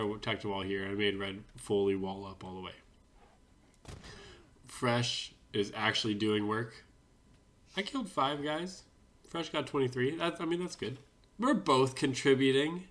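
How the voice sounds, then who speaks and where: A man's voice: medium pitch, fairly bright tone. A man giving casual, chatty commentary over a strategy game replay, with wry self-deprecating asides. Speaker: gaming commentator.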